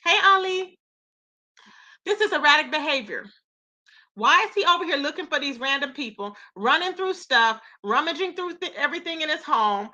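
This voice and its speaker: Lady spilling tea live, super bright sharp voice, keeps going "how? how?" all amazed. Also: sits high, normal speed. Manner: incredulous, animated, rhetorical questions. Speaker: commentary channel host. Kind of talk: live gossip commentary, reading chat.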